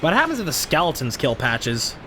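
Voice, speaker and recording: A man's voice: on the high side, wildly swooping pitch, fairly quick, pushed and bright, soft background music. A man streaming a video game, ranting at enemies in a profane, exasperated way and sounding frustrated. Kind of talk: live gameplay commentary.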